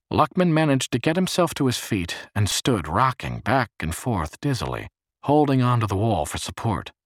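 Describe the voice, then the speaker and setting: A man narrating an audiobook with expressive storytelling. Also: low voice, slightly rough, dry recording, clean studio sound.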